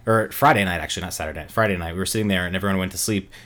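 A man's voice: sits low, a bit bright. A man co-hosting a podcast, telling stories in a casual chat full of "like" and "um". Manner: fast, filler-heavy storytelling. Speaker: podcast co-host.

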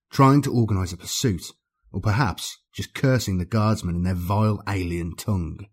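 A man narrating an audiobook with a dramatic, expressive reading. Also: lowish voice, slightly rough.

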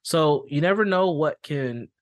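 A man's voice: a little high, lively intonation, measured pace, no echo. A man who hosts a mental health podcast and works as a school therapist, explaining in a casual way and telling stories with acted-out quotes. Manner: storytelling with acted-out quotes, frequent fillers.

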